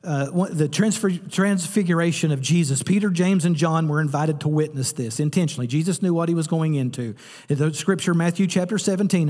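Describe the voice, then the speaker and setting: A man preaching a sermon as pastor, telling a story with animated, lively delivery. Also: fairly high pitch, fairly quick, in a large hall.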